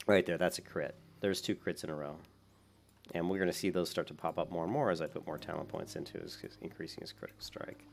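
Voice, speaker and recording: A man's voice: low-pitched, brisk, creaky, slight background noise. A man giving casual, rambling commentary while playing an online game, with many fillers. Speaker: gaming YouTuber.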